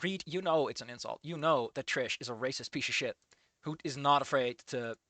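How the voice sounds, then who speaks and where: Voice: mid-range voice, a little fast, sharp tone, no echo. A reader of fan fiction who breaks in with exasperated, profane rants about the writing. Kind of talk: reading fan fiction aloud with comedic commentary.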